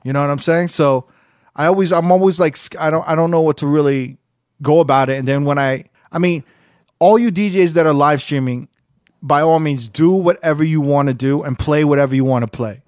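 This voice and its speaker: A man's voice: a little high, brisk, a little mellow, no echo, clean studio sound. A man hosting a casual podcast, talking loosely with plenty of swearing. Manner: loose, profane, laid-back.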